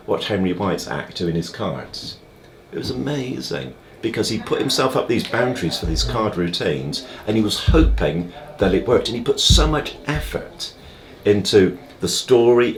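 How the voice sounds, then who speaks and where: A man with a very low, deep voice talks in an emphatic interview style. He makes his points through analogies and keeps checking in with "all right?". Faint noise sits behind him in a dressing room. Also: expressive, normal speed. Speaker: magician guest. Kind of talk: conversational interview.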